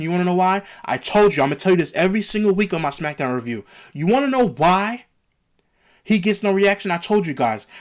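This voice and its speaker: A man ranting through a wrestling show review, heated and emphatic, repeating his points to the viewers. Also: sits high.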